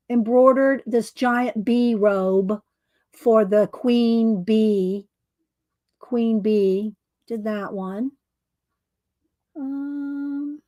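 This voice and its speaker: Woman host, unhurried rambling crafter, dry close sound. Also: medium pitch, darkish tone, dry recording. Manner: rambling, chuckling, searching for words. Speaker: crafter showing her doll scenes. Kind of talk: casual chat.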